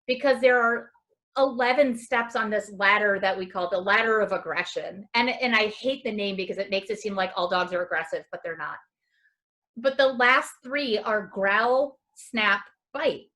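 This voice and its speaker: A woman's voice: fairly high pitch, fairly bright tone. Chatty woman dog trainer teaching a class. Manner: conversational, repeats words for emphasis, many fillers. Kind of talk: puppy class lecture.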